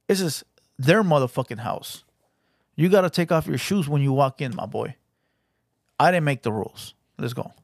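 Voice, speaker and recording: A man with a Mexican American accent, commenting casually on clips as host, fast and animated, swearing and asking "right?" a lot. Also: a little high, no room sound, clean studio sound. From United States.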